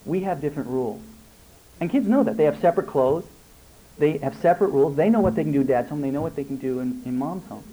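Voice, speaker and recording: A man, a family therapist giving an animated workshop talk to parents and answering their questions. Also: on the high side, fast, poor audio. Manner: animated, acts out parent and child dialogue.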